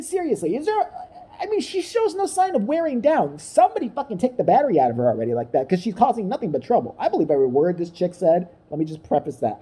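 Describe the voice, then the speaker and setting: With a mellow, husky, medium-pitched voice, a woman tears into people in a vulgar, mocking comedy rant, playing out their voices herself.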